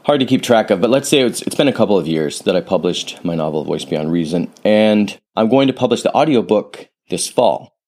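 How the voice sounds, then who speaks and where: A man with a low voice talks alone into a studio podcast microphone. He muses in a reflective, rambling way, wandering off on tangents and starting sentences over as he thinks aloud. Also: lively intonation, a little fast, few pauses, darkish tone. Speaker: podcast host and author. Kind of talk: casual solo podcast monologue.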